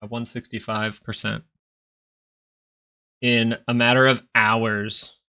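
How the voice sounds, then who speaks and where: Male livestream host, chatty and rambling, gravelly low voice with a tense, bright edge. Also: level tone, slow pace. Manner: rambling, chatty, answers viewers directly. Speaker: stock market livestream host. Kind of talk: casual live stream market commentary.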